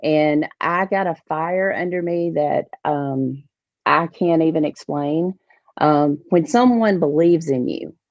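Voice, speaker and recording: A woman, a podcast guest telling a lively story about organizing fishing tournaments. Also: fairly low pitch, no room sound. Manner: animated storyteller, acts out others' lines. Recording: dull, dry podcast audio.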